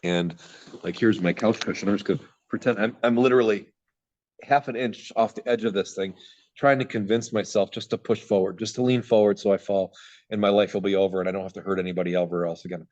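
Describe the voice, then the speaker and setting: Fast-talking low-voiced man, raw and candid. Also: fairly even intonation, a little mellow, dull audio. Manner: raw, rambling, swears freely. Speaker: podcast guest. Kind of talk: candid personal recovery story.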